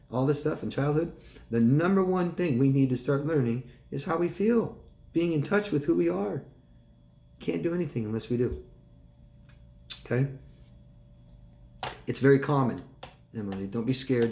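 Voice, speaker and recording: A man working as a life coach, answering viewer questions live in a calm, conversational way. He keeps checking in with "right?" and "okay?". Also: mid-range voice, echoey room. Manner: calm and reassuring when advising.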